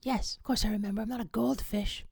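A woman's voice: medium pitch, fairly even intonation, fast talker, gravelly, darkish tone, breathy edge, no room sound. A woman co-hosting a comedic radio show, answering with dry, literal-minded comebacks. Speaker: co-host.

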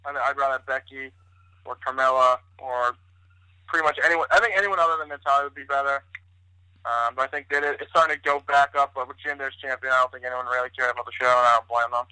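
A man's voice: mid-range voice, fairly even intonation, fast, sharp tone, clear, resonant tone, no room sound, poor audio. A man talking as a guest in a casual chat, rambling with many restarts and lots of swearing. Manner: rambling, restarts often, profane.

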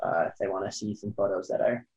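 A man's voice: on the low side, quick pace, darkish tone. A man from California, chatting casually as a podcast guest, rambling and hesitant with many fillers and restarts. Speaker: podcast guest, photographer and climber. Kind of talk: casual interview chat. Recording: dull lo-fi sound.

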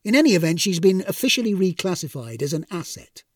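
A man voicing a harried male archangel supervisor who talks in a brisk, reasoning, managerial way. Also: high voice, sing-song, no room sound, studio quality, distant mic. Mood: explaining.

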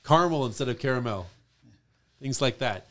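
A man's voice: medium pitch, moderate pace. Playful storytelling male co-host. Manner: playful storyteller, laughs often. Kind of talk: casual chat.

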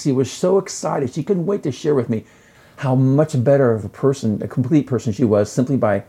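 A gravelly middle-aged man talks in an effusive, animated way, like a chef telling stories in casual conversation. His voice is dark and a little husky. He sounds lively, and he swings up in pitch when he gets excited. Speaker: guest, chef and lecturer.

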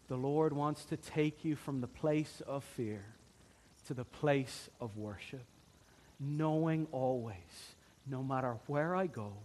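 A man preaching a sermon as pastor, earnest, swinging from soft, quiet passages to fervent, emphatic build-ups. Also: medium pitch, a little hiss or hum.

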